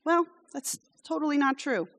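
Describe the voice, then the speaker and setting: A woman's voice: sits high, lively intonation, normal speed, a bit bright, big-room sound. A woman who grew up in France preaches a conversational sermon. She tells the story casually, with wry asides and frequent "okay?" check-ins to her listeners.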